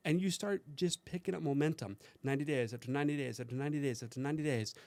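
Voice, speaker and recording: A man with a slightly high voice talks earnestly as a podcast guest. He coaches through rhetorical questions, and the recording is dry and close. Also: racing, darkish tone, dry recording. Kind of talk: casual podcast chat.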